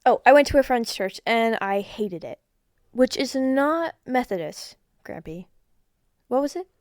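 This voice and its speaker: A woman's voice: on the high side, lively intonation, a little slow, dry recording, clean studio sound. Blunt, teasing teenage girl. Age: teens. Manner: blunt, teasing, easily distracted. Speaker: guest, host's daughter. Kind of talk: casual chat.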